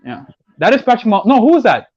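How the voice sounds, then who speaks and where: Fast-talking man from South Sudan. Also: very high-pitched, very animated, a little mellow, muffled recording. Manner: rapid, talks over others. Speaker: podcast host. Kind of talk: casual chat.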